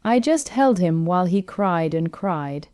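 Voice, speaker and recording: Mellow-voiced woman narrating a story. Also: fairly low pitch, measured pace, clean tone, no echo, studio quality. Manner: steady, emotional storytelling. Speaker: narrator, mother.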